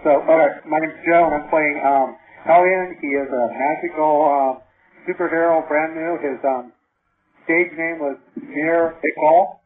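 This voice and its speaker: A man's voice: a little high, steady tone, unhurried. A man introducing his character as a player in a tabletop game, speaking hesitantly with many ums. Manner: hesitant, filler-heavy. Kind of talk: casual chat. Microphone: voice chat. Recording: tinny voice-chat line.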